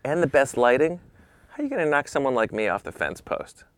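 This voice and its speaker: A man's voice: mid-range voice, big pitch swings, fairly quick, dry recording, voice pushed up, natural voice. A man voicing a brusque older fashion photographer with a thick accent, lecturing bluntly. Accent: thick foreign accent.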